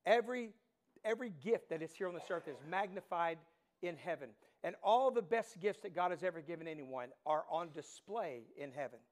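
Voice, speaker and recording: A middle-aged man preaching a sermon as pastor, animated storytelling that swings from hushed to loud. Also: on the high side, a little fast.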